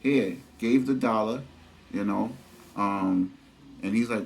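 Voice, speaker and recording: A man's voice: lowish voice, slow pace, slight background noise. A man telling a story to camera in a casual, slangy vlog full of fillers. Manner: conversational, slangy, lots of fillers and "you know what I'm saying". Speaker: vlogger.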